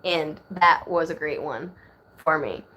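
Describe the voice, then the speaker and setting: A woman in her thirties speaks slowly in a low, sharp-toned voice. Hosting a casual live stream on her phone, she rambles and reads comments from viewers aloud.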